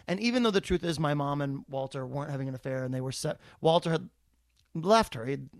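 A man's voice: a little high, fast, dry recording. Man in his forties telling a rambling story. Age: 40s. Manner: animated, rambling, self-deprecating storyteller. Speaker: comedian co-host. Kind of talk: casual storytelling chat.

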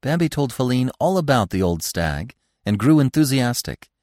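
A man reading a classic story aloud as a narrator, expressive and animated. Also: medium pitch, normal speed, dry recording, clean studio sound. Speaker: audiobook narrator.

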